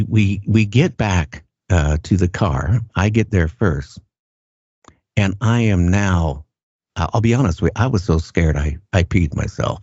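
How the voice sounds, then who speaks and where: An older man with a very low voice tells his story in a plain, earnest way. He stops and restarts, often repeating words as he goes. The sound is dull and lo-fi and very dry, with no room around it. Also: a little mellow, dry recording. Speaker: guest recounting an encounter. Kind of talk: casual first-person storytelling.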